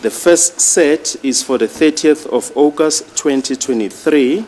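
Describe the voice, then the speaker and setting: A man addressing a judge in a courtroom, reading out exhibits in a formal, deliberate way. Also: fairly high pitch, darkish tone, slight background noise. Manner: slow, deliberate, reads exhibit lists. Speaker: prosecutor.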